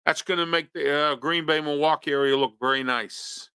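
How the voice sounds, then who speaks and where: A man's voice: on the high side, fairly even intonation, normal speed, pushed and bright, smooth, dry recording, studio quality. A man hosting a local talk show, scolding his listeners with rhetorical questions in an opinion commentary.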